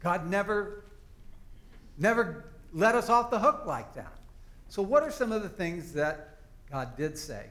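A man's voice: sits high, very animated, measured pace, pauses often, a bit bright. A man preaching a sermon to his congregation in a conversational, folksy storytelling manner. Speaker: pastor. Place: church service.

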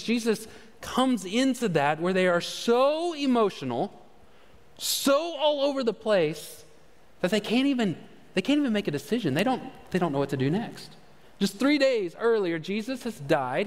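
A man giving a conversational sermon as pastor, with easy fillers and repeated words. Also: high voice. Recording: long hall reverb.

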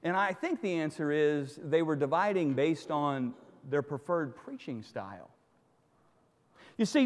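Man, pastor, sermon, animated storyteller, joking asides, lively pitch, reverberant church hall.

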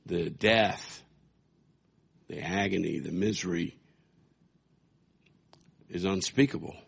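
A man's voice: sits low, takes it slowly, vocal fry, husky. A man preaching a sermon, telling a scripture story with humor and acting out quotes. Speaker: pastor.

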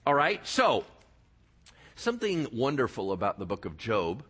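A man preaching a sermon in a lively, joking way, often asking the congregation whether they follow him. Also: mid-range voice, moderate pace, slightly rough. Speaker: pastor.

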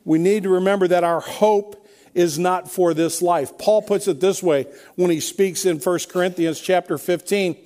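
A man preaching a sermon, his voice sitting notably high for a man. He talks in a conversational, emphatic way, stacking repeated refrains as he builds his points. He sounds middle-aged. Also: steady tone, normal speed, dark tone. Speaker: pastor.

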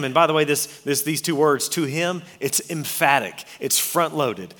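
A man's voice: fairly high pitch, fairly bright tone. A man preaching a sermon, earnest and emphatic, reading scripture aloud and explaining it. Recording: long hall reverb.

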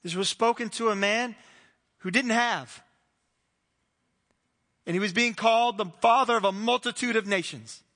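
High, bright-voiced preaching man. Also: moderate pace, pauses often, in a large hall. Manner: earnest, questioning preacher. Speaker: pastor. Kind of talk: sermon. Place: church hall.

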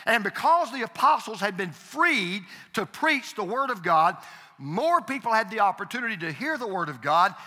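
Emphatic high-voiced preacher in a hall. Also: male voice, very animated, normal speed, pushed and bright. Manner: emphatic, repeats phrases, calls for congregation response. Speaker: pastor. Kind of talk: sermon. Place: church sanctuary. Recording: reverberant hall.

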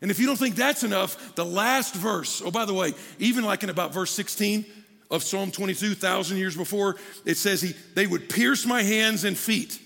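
Man, pastor, high bright voice, animated sermon, hall reverb. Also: a little fast, vocal fry, faint music behind. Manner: animated preaching, jokey asides to the crowd. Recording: long hall reverb from a large room.

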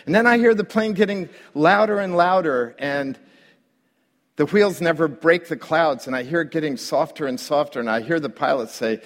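A middle-aged man, a pastor, telling a story in a sermon with lively delivery that climbs and grows louder when he relives his own panic. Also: medium pitch, moderate pace. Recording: long hall reverb.

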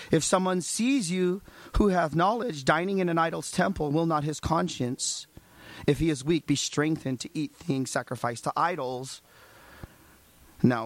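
Guy preaching a sermon, kinda high voice, lots of questions thrown at the crowd. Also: no echo. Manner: animated preaching, rhetorical questions, acts out dialogue. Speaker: pastor.

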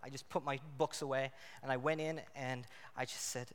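A man's voice: mid-range voice, steady tone, moderate pace, clear, resonant tone. Married man preaching in a reverberant hall. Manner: dynamic, swings from loud emphatic to quiet intimate. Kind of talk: sermon.

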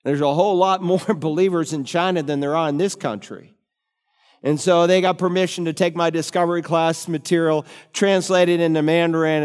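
A middle-aged man preaches from the pulpit, lifting his voice on key words and then slowing for weight. His voice is smooth, resonant and a little high for a man. Long reverb from the church sanctuary trails every phrase. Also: a little mellow. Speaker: pastor. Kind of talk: sermon.

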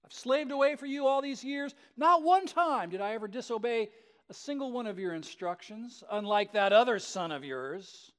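A man's voice: very high-pitched, lively intonation, moderate pace, fairly bright tone, clear, resonant tone. A male preacher voicing a resentful older brother who rants indignantly with rhetorical questions. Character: bitter resentful older brother, young man.

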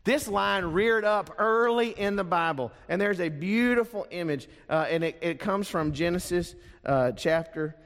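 A man preaching a sermon as pastor, emphatic, with dramatic pauses on key words. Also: sits high, a bit bright. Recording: long reverb of a large hall.

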